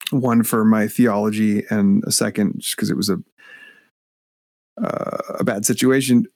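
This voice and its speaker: A man's voice: fairly low pitch, creaky, dry recording. Earnest man telling a story, dry sound. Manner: animated, acts out voices when retelling, halting restarts. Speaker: guest, author and minister. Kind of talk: storytelling in a podcast interview.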